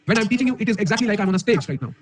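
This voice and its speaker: Indian English man, coding teacher on a live stream, very fast, fired-up delivery, lots of rhetorical questions. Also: sits high, crowd noise. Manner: energetic, emphatic, rhetorical questions. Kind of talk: live-stream talk to an audience. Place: room alone. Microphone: camera mic.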